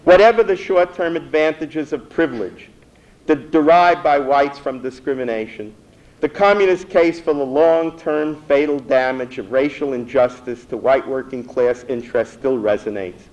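A man reading a prepared history talk in a measured, earnest way, with a few stumbles. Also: medium pitch, a little mellow, lo-fi sound. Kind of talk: read lecture.

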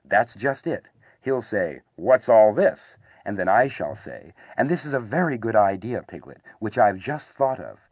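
A man voicing a kindly, slow-witted male teddy bear who thinks things out slowly. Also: lowish voice, sing-song, darkish tone, breathy edge, no room sound, muffled recording, exaggerated voice. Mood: earnest.

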